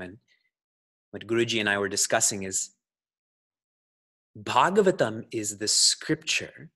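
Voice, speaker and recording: A man's voice: lowish voice, a bit bright, husky. A man, a spiritual teacher, giving a scripture talk to a congregation in a playful way, laughing often and putting questions to his listeners.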